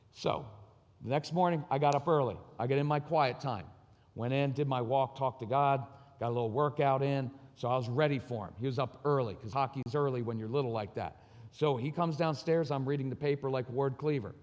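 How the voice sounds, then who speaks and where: A middle-aged man giving a lively, self-deprecating parenting talk at a live conference, telling stories and acting out voices. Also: mid-range voice, a little fast. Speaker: parenting speaker. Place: large hall at a live conference. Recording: long reverb of a large hall.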